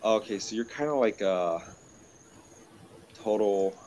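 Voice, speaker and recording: Tearful low-voiced man, halting. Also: a little mellow, slight background noise, poor audio. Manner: emotional, halting, confessional. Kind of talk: casual conversation.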